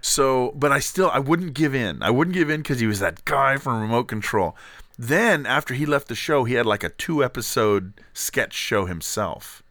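A man's voice: mid-range voice, expressive, normal speed, fairly bright tone, no room sound. A man hosting a podcast, telling a story in casual chat.

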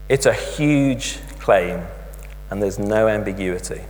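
A man preaching a sermon, telling the story in an animated way with emphatic asides. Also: on the low side, takes it slowly. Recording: long hall reverb with mains hum.

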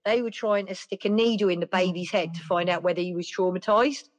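Lively woman telling stories. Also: on the low side, brisk. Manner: lively, acts out other people's voices. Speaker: podcast guest. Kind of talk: casual storytelling.

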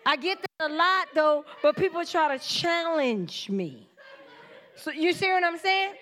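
Woman in her forties, high voice, casual sermon testimony, animated and chatty with the congregation. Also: measured pace. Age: 40s. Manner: animated storytelling, acts out quoted voices, laughs often; informal church talk, addresses the congregation directly. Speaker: preacher giving testimony.

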